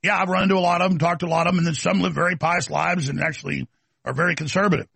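A man's voice: sits high, steady tone, rapid-fire, vocal fry, pushed and bright, breathy edge, dry recording. A man hosting a talk show, delivering an aggressive, mocking rant. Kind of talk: combative talk show monologue.

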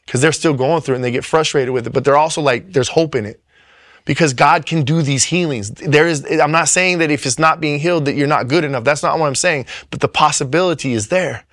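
A man's voice: medium pitch, a bit bright, dry recording, studio quality. Earnest man sharing a faith testimony. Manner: earnest, emotional, halting with many restarts. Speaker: ministry worker sharing testimony.

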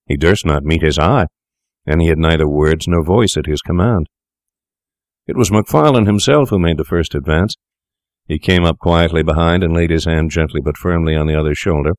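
A man narrating a story in a measured, grave manner. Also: extremely low pitch, no echo, clean studio sound. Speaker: audiobook narrator. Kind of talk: scripted narration.

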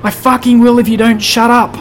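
A man voicing a grumpy middle-aged neighbour, yelling and swearing from an upstairs window. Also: very high voice, little pitch movement, fairly quick, pitched above the performer's own voice. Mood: angry yelling. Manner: shouting, swearing, irritable. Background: music.

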